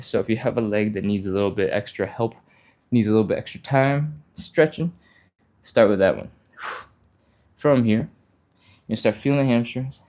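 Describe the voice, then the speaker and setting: A man with a dark, medium-pitched voice guides a live follow-along stretching class. He talks casually while doing the exercises himself, gets slightly out of breath with sighs and breathy effort, stays encouraging, and reads viewer comments aloud.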